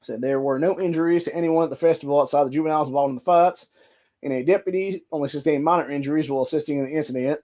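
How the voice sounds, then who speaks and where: A man's voice: on the high side, racing, dark tone. A man with an Ohio accent, hosting a show, reading news articles aloud and breaking into heated, profane rants. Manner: heated, profane ranting between stretches of reading. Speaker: podcast host.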